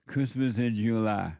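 A man's voice: on the low side, creaky, dark tone, dry recording, dull audio. A man giving a preachy, sarcastic commentary on a news clip, mocking and repeating his phrases for emphasis.

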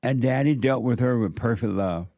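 A man's voice: medium pitch, normal speed, warm tone, no room sound. A man hosting a commentary show, preaching emphatically and telling stories from his youth. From southern United States. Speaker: commentary host.

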